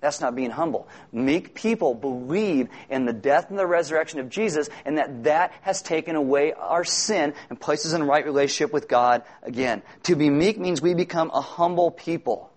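Male pastor, fairly high voice, casual sermon delivery with emphatic repeats. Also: normal speed, few pauses. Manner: conversational, self-deprecating, emphatic repetitions.

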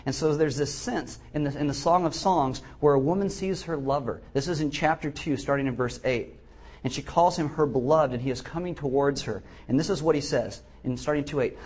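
Middle-aged male pastor, husky, slightly high voice, animated sermon delivery with acted-out asides. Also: a little fast. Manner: animated, acts out quoted voices.

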